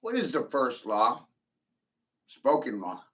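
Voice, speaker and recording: Man, angry monologue, profane, combative, mid-pitched. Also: huge pitch swings, slow pace, fairly bright tone. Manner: combative, swears often, taunts silent listeners.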